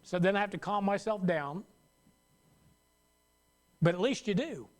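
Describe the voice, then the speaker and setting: A man's voice: sits high, unhurried. A man preaching a sermon as pastor, talking conversationally and acting out worried voices. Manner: conversational, acts out worried voices, laughs at own jokes.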